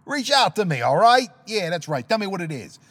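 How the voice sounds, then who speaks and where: A man putting on a brash, pushy character with a deliberately bad mock Italian accent. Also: high voice, big pitch swings, fairly bright tone, big-room sound, pitched above the performer's own voice, exaggerated voice.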